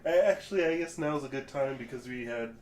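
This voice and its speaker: A man's voice: mid-range voice, fairly quick. A man rambling through a casual podcast chat, hunting for his words. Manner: rambling, many fillers and restarts. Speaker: podcast co-host. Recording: roomy, faint background hiss.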